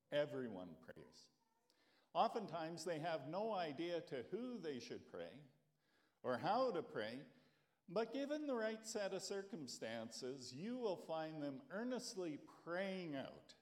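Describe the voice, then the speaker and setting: A man in his sixties preaches a sermon as pastor, with a folksy storytelling manner. His pitch rises and falls in an animated way. He takes his time. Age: 60s.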